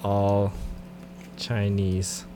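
A man co-hosting a podcast in casual banter, joking and quick to laugh. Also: on the low side, monotone, background noise. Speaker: podcast co-host.

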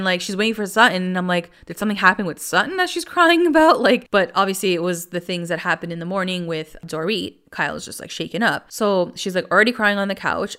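Young woman gossiping about reality tv, like every other word, smooth lowish voice. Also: a bit bright. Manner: chatty, says "like" constantly, swears casually. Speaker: podcast host. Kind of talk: casual reality TV recap.

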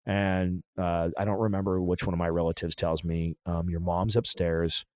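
A man talking through a painful personal story in a halting, emotional way, often restarting his sentences. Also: sits low, flat delivery, warm tone, dry recording. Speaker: podcast guest.

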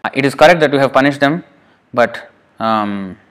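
A man's voice: medium pitch, moderate pace, a bit bright. A man reading a scripture passage aloud and then explaining it in a lecture, with emphatic rhetorical questions, chuckles and many "you know" fillers. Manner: frequent fillers and restarts, emphatic. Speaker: scripture teacher. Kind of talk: scripture reading with sermon commentary.

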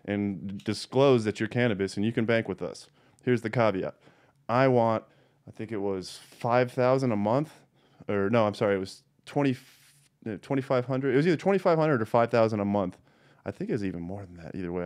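A man hosting a podcast, a cannabis grower going on a heated, profane rant and swearing constantly. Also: medium pitch. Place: home.

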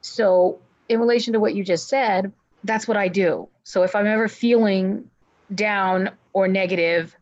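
A woman's voice: medium pitch, unhurried, a little mellow, lo-fi sound. A woman guest telling a personal story in an interview, earnest in tone and voicing relatives' words as she goes. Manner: earnest, acts out family members' words.

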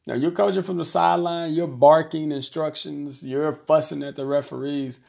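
A man's voice: fairly high pitch, fairly even intonation, moderate pace, creaky, few pauses, dark tone. Conversational man talking basketball. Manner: conversational, repeats phrases, acts out quoted voices. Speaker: basketball coach and commentator. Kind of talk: casual talk to camera, reviewing an article.

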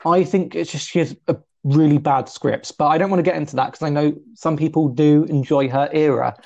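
A man of twenty co-hosting a casual podcast chat, talkative and self-deprecating, his pitch often jumping up. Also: a little fast, vocal fry, dull audio. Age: 20s. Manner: chatty, self-deprecating, lively pitch jumps. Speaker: podcast co-host.

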